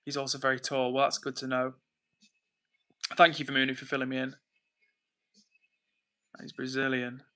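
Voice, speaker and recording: A man's voice: mid-range voice, completely flat delivery, moderate pace, pauses often, bright, forceful tone. A man streaming live, reading viewer messages aloud and answering them defensively. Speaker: livestreamer reading chat. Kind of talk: casual livestream chat.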